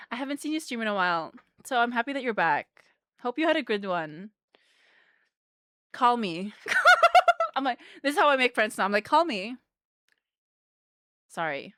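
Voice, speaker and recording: A bubbly young-sounding woman streamer chatting to her viewers, giggling often and tripping over her words. Her voice is bright, smooth and a little high, recorded close and dry. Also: no echo. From Philippines. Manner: bubbly, giggly, rambling with fillers. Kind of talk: casual live-stream chat.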